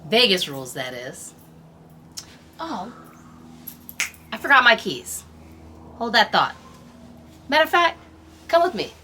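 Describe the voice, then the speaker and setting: An upbeat woman instructor talks straight to the viewer, her pitch swinging widely. Her voice is bright and forward. The recording has a roomy echo. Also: a little slow, long pauses, slight background noise. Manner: upbeat, animated, addresses viewer directly. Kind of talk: instructional presentation.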